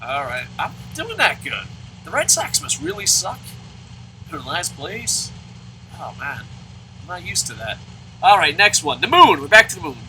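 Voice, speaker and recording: A man's voice: a little high, very animated, normal speed, long pauses, noisy background. A man hosting a let's play, commenting on a baseball game and answering viewer comments in a profane, ranting way.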